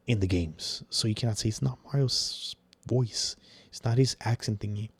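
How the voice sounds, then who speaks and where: Young man, gravelly low voice, dry close sound, profane rambling rant. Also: a little mellow, no room sound. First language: Spanish. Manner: profane, rambling, drops into whispered asides and Spanish slang. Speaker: podcast host. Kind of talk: casual opinion rant.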